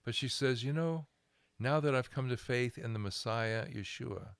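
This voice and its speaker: An older man, a guest minister, telling a lively anecdote in an interview, chuckling and restarting his phrases. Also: mid-range voice, moderate pace, creaky, smooth, no room sound, studio quality. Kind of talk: storytelling interview.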